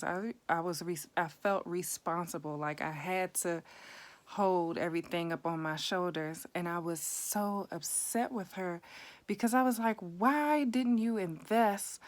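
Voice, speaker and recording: A woman in her thirties telling her own life story to camera in a candid, conversational way, with bursts of raised intensity. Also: on the low side. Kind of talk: candid personal testimony.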